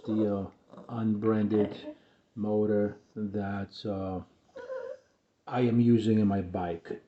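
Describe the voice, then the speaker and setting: Halting low-voiced man in echoey room. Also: warm tone. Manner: halting, many filler pauses. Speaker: e-bike builder. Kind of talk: casual explanatory vlog. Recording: echoey room, dull lo-fi sound.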